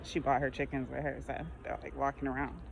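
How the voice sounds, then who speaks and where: A woman's voice: extremely low pitch, flat delivery, fast, creaky, noisy background. Laughing woman walking outdoors. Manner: rambling storyteller, laughs often. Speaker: vlogger. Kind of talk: casual chat.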